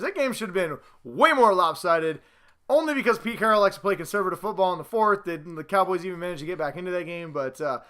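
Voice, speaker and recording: A man hosting a casual sports vlog at home, boastful, excitable and rambling as he talks to the camera. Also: sits high. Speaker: host.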